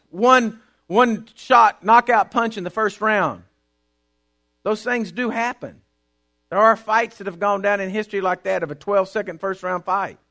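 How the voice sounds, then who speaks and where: A middle-aged man, preaching a sermon with emphatic repetition that climbs into shouting. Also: sits high, creaky.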